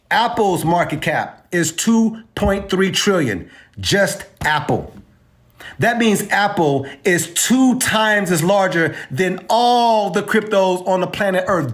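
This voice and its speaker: A man hosting a crypto video, giving emphatic, slangy market commentary. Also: on the high side. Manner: animated, emphatic, streetwise slang.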